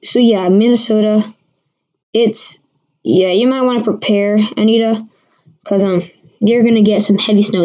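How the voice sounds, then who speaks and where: A mellow, mid-range woman's voice carries this casual livestream weather forecast. The amateur host rambles, restarts frequently and answers viewer questions, with dull, lo-fi stream audio.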